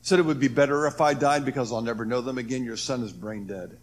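A man's voice: medium pitch, fast. A man giving a personal testimony, earnest, his voice swelling and dropping as he acts out what others said. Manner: earnest, voice rises and falls with the story, acts out quoted speech. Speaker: speaker telling his near-death story.

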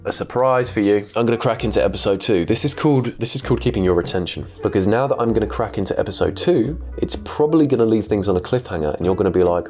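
A man's voice: fairly low pitch, animated, quick pace, darkish tone, soft background music. A young man giving joking, sarcastic commentary while playing a mobile game. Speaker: gaming YouTuber. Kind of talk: comedic let's-play commentary.

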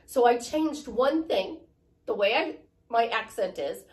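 A woman's voice: a little high, expressive, measured pace, darkish tone. A woman life coach giving a chatty, motivational talk, repeating her points and joking about herself. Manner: chatty, repetitive, self-deprecating. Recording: voice from a distant mic.

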